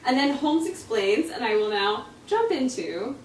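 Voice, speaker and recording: A woman's voice: high voice, big pitch swings, unhurried. A woman author giving a chatty, laughing talk at a live reading in a bookstore. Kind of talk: casual talk at a live book event. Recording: echoey shop, mic from far off, faint noise.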